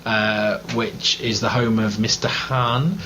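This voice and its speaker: English man, low-pitched, hesitant, self-correcting, casual film chat. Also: steady tone, slow pace, sharp tone, slight background noise, rough recording. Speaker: film review podcast co-host.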